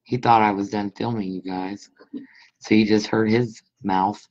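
A woman's voice: a bass voice, fairly even intonation, unhurried, a little mellow. A woman hosts a casual live crafting stream from her home craft room. She chats with her viewers between steps, keeping an easy, friendly running commentary. The recording is dull and lo-fi. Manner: chatty, talks to viewers while working. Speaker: scrapbooking host. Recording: dull lo-fi sound.

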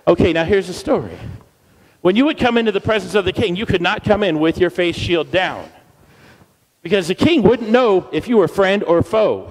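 Lively, high-voiced man leading a church crowd. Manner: energetic and playful, leading the crowd in repeated chants. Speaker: guest speaker at a church service. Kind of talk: interactive church talk with call and response. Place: church hall. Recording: long reverb of a church hall.

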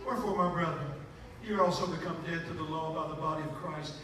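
A man preaching a sermon as bishop, talking with emotion and breaking into shouts and snatches of hymn. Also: a little high, fast talker. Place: church sanctuary. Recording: echoey church from far off, with noise.

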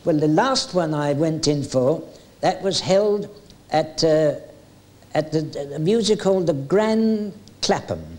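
A man's voice: fairly high pitch, takes it slowly, darkish tone. An older man, telling stories in a chatty, jokey way, with hesitant fillers now and then. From England. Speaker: retired music hall entertainer reminiscing. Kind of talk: anecdotal storytelling.

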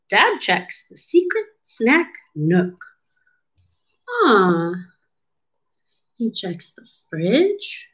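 A woman reads a children's storybook aloud very slowly, with a lively, swooping pitch. She speaks like a patient speech clinician, pausing to ask the little ones questions and coach them. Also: husky, low-quality recording. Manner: slow, animated, teacherly, asks children questions.

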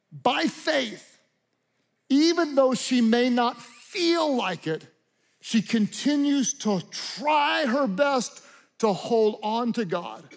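A middle-aged male pastor preaching a sermon with passion, dropping to quiet and rising to shouts. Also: extremely high pitch.

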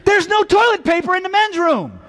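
A man playing an angry front-desk worker who shouts, matching a furious customer's anger. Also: extremely high pitch, big pitch swings, fairly quick, long reverb tail, voice pushed up, heavily acted. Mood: furious shouting.

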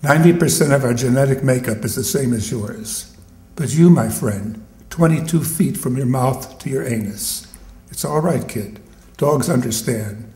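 A man's voice: mid-range voice, normal speed, darkish tone, echoey room, lightly acted. A man voicing a streetwise talking dog in a poem, blunt and wry, recorded at a live poetry reading.

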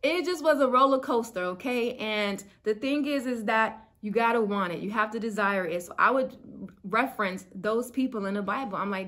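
A woman giving casual, earnest faith teaching to her viewers, chatty and slangy, her voice climbing higher as she gets excited. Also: moderate pace. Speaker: spiritual YouTuber.

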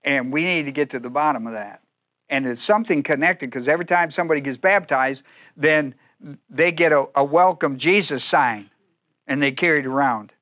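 A man's voice: on the high side, moderate pace, a bit bright. A man pastor preaching a sermon, acting out biblical speakers in first person with humor and frequent laughter.

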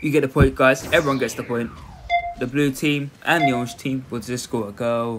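A man's voice: mid-range voice, normal speed. A man hosting a gaming video, rambling casually over clips and often stumbling and correcting himself. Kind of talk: casual game commentary. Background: music.

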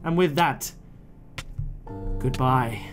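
A young man hosting a relaxed gaming video, chatting in a playful, mock-dramatic way. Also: mid-range voice, drawn-out words. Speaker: gaming channel host. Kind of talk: relaxed let's-play commentary. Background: faint game music.

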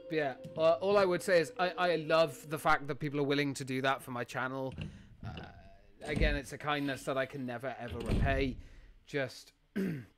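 A man's voice: medium pitch, steady tone, a little fast, music in the background. A man chatting while streaming a game, rambling, swearing and laughing often as he thanks viewers. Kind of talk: live gameplay stream chat.

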